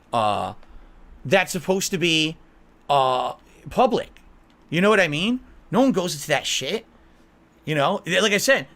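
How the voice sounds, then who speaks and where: A man's voice: high voice, a bit bright. A man in an interview, talking in a rambling, defensive and emotional way. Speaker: content creator being interviewed.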